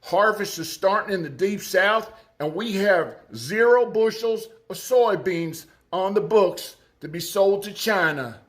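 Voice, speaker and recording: A man's voice: high voice, measured pace, few pauses. A man doing a grim Arkansas farmer voice. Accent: put-on Arkansas.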